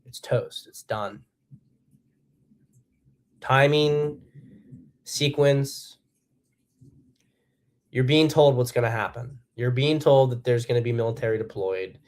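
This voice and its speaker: A man's voice: medium pitch, takes it slowly, long pauses, a little mellow. A man giving solo political commentary as host, blunt and profane, with emphatic bursts. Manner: acts out quotes in a harsh voice.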